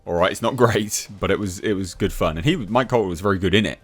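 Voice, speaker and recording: A man hosting a movie news channel, ranting in a scornful, sarcastic way, his voice jumping high when worked up. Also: quick pace, hardly any pauses, slightly rough, soft background music. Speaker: YouTube movie news commentator. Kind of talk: opinionated rant to camera.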